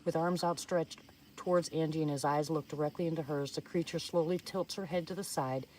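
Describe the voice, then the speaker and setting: A woman's voice: deep voice, fairly even intonation, fairly quick, darkish tone, a little hiss or hum. Woman reading a suspenseful story. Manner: earnest, suspenseful telling with small slips and restarts. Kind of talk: reading a first-person story aloud. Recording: voice somewhat distant from the mic.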